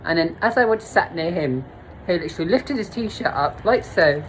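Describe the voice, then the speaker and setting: Woman vlogger, low-ish voice, blunt and sweary, laughing at herself, faint hum behind. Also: animated, moderate pace, rough recording. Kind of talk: candid storytime monologue.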